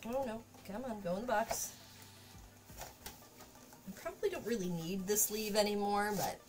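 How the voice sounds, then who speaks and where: A woman's voice: mid-range voice, a little slow, over music. A woman streaming from her home craft workspace, chatting casually and talking to her cat while she works. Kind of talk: casual live-stream chat.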